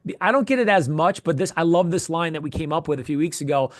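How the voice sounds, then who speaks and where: A man with a high voice coaches a sales role-play in a casual, animated way. He swears freely and fires off short phrases over and over. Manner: animated, profane, quick bursts of repeated phrases. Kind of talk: coaching feedback in casual chat.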